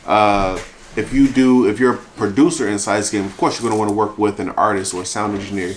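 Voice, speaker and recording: A man's voice: fairly low pitch, steady tone, brisk, a little hiss or hum. A man being interviewed about his work as an event organizer, talking earnestly and often restarting his sentences. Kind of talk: casual interview talk.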